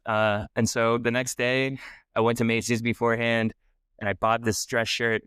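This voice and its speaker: A man's voice: medium pitch, level tone, normal speed, a bit bright, clear, resonant tone, no echo, studio quality. A young man telling a self-deprecating story in a casual interview, rambling with many restarts. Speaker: guest filmmaker.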